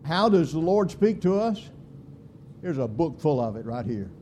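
A man preaching a sermon, with slow, deliberate delivery and emphatic swings in pitch and volume. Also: sing-song, mellow, a little hiss or hum.

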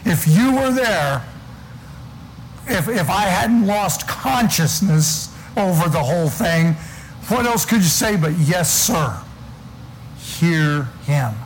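A man preaching a sermon with a high voice, taking his time and leaning on each word as he reads scripture. A faint hum of ambience sits behind him. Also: lively intonation, rough recording. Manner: preaching with slow, weighty emphasis and scripture reading.

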